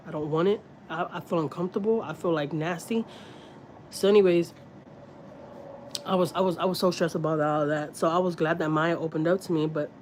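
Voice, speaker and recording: A woman's voice: low voice, a little mellow, a little hiss or hum. Profane rambling woman on a livestream. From Houston, Texas. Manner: rambling, profane, with many restarts. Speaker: mother livestreaming to her channel. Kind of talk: candid livestream talk.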